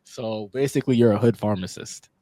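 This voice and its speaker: A man's voice: on the low side, fairly quick, warm tone, no room sound. A man co-hosting a podcast, joking and teasing in casual chat. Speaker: podcast co-host.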